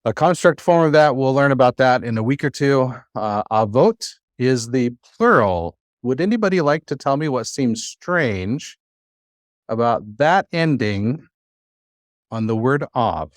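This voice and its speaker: Male teacher, patient and encouraging, mid-pitched, dry recording. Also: animated, a little slow, no echo. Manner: patient, encouraging, filler-heavy. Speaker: Hebrew teacher. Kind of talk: classroom teaching. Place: classroom.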